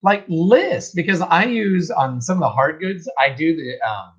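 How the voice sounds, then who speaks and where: A man's voice: on the high side, expressive, moderate pace, a bit bright, husky. Rambling man on a reseller livestream. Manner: rambling, restarts, self-deprecating. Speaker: reseller host. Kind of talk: casual livestream chat. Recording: dull lo-fi livestream audio.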